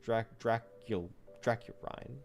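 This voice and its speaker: A man's voice: fairly low pitch, measured pace, creaky, soft background music. A man streaming live as a VTuber, chatting casually and rambling playfully to himself while he draws.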